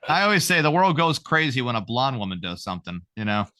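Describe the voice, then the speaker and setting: A man's voice: mid-range voice, very animated, quick pace, bright, forceful tone, clear, resonant tone. A man co-hosting a podcast in a casual chat, riffing and joking. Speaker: podcast co-host.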